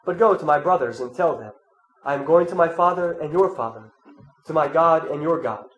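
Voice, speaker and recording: A man with a nasal, congested voice reads the words of Jesus during a scripture reading, calm and gentle. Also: fairly high pitch, moderate pace, highs cut off, natural voice. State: congested from a cold. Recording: roomy echo, faint ambient noise.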